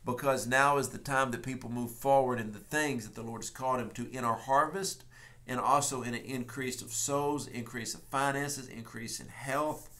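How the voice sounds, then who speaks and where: A man's voice: medium pitch, fairly even intonation, fairly bright tone. A man with a Texan accent preaching a prophetic message in an emphatic, folksy way, sometimes telling stories. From Texas. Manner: folksy and emphatic, speeds up and slows down. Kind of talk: prophetic sermon, casual storytelling.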